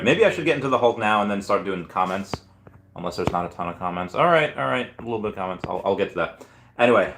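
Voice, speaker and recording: A hoarse man chatting casually on a live stream, rambling through stories with lots of fillers. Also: fairly low pitch, fairly bright tone, echoey room. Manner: rambling, filler-heavy storytelling. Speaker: comic and collectibles YouTuber.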